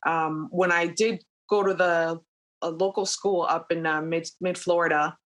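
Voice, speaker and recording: A woman's voice: fairly low pitch, measured pace, lo-fi sound. Chatty woman pilot telling stories. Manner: animated retelling with frequent fillers and laughs. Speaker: airline captain guest. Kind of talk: conversational storytelling.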